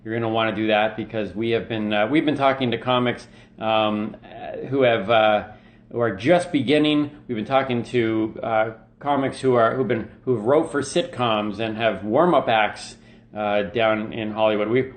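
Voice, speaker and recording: A man hosting a live-stream comedy podcast from his living room, talking in a loose, rambling, self-mocking way with lots of fillers. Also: mid-range voice. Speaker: podcast host. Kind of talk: casual live-stream monologue. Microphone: webcam in his living room.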